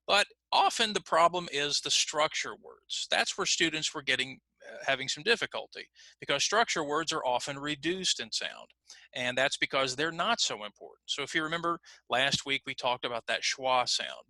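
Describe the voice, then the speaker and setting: A man teaching an online pronunciation class, patient and repetitive, slowly modeling phrases for learners to repeat. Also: a little high, animated, sharp tone, no echo. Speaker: ESL teacher.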